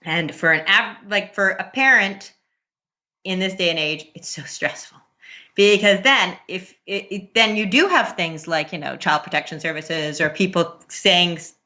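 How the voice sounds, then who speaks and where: A woman's voice: lowish voice, unhurried, pushed and bright. A woman guest on a podcast, talking about parenting in a chatty, earnest way and laughing often. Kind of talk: casual interview talk.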